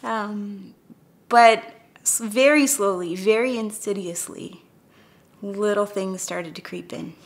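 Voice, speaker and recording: A woman telling her story as a mother in a documentary, candid and often dropping to a hushed voice. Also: mid-range voice, slow pace. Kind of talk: documentary testimony.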